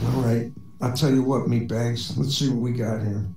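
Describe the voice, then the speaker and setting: A man's voice: mid-range voice, reverberant, recorded from a distance, noisy background. A man telling corny jokes in a voice chat comedy set, with dry delivery as a robot persona. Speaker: stand-up comedian.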